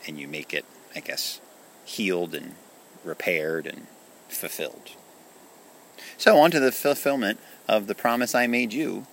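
A man's voice: low-pitched, vocal fry, fairly bright tone, a little hiss or hum, rough recording. A man reading a children's storybook aloud in a soothing bedtime tone.

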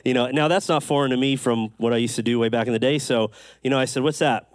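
A man preaching a sermon, telling stories with lively acted-out quotes and quick asides. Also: mid-range voice, no room sound, studio quality. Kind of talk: sermon storytelling.

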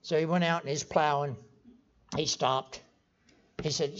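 A man's voice: a little high, fairly even intonation, unhurried, long pauses, a bit bright. An older man preaching a folksy sermon in a church, stumbling over restarts and breaking into sudden emphatic outbursts. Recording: dull lo-fi sermon recording.

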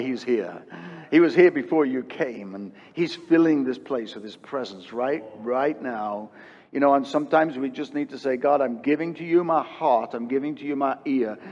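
A pastor in his fifties preaching a sermon, swinging from loud emphatic peaks to hushed quiet and repeating phrases for emphasis. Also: mid-range voice, big-room sound, highs cut off. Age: 50s. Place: church.

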